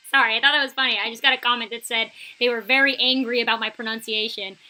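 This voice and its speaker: A woman's voice: on the high side, brisk, sharp tone, poor audio. Chatty young woman, light New York accent. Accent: light New York, touch of Boston. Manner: chatty, laughs often, many fillers. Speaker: art streamer. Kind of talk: casual live-stream chat.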